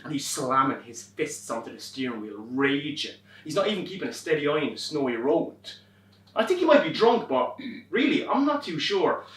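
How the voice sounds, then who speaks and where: A young Irish man performing a wry comic monologue on a theatre stage, swearing and animated as he tells a story. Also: fairly high pitch, normal speed. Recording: roomy stage from far off.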